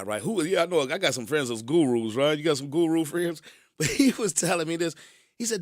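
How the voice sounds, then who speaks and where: A man's voice: fairly high pitch, a little fast, no room sound, clean studio sound. Chuckling man hosting a radio show. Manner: animated, chuckling as he tells stories. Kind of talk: casual radio storytelling.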